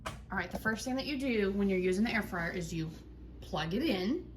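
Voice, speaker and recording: A woman's voice: mid-range voice, expressive, normal speed, background noise. A woman, a chatty, folksy mother talking through a casual home cooking vlog in her kitchen with self-deprecating humor. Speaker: home cook vlogger and mother.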